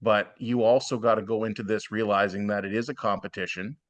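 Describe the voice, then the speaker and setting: Man, podcast guest, low voice, blunt plainspoken advice, casual chat. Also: fairly even intonation, a little fast, muffled recording. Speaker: podcast guest, former cooking show contestant.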